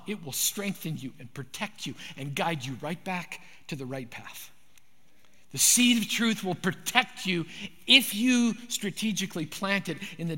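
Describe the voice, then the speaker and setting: A man preaching a sermon in a high, bright, forceful voice. He drives his points home with emphatic, repeated phrases, and a long hall reverb trails his words. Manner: emphatic, repetitive preaching cadence. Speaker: pastor.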